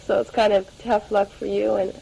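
A woman's voice: medium pitch, flat delivery, normal speed, creaky, warm tone, rough recording. A teenage girl rambling through a spoken audio letter to her family, full of fillers and restarts, taped at home. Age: late teens. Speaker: letter writer.

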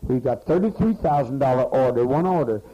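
A mellow, mid-range male voice, animated and fairly quick, scolds a community meeting he's leading. The speech rambles and swears, preserved on a muffled archival recording.

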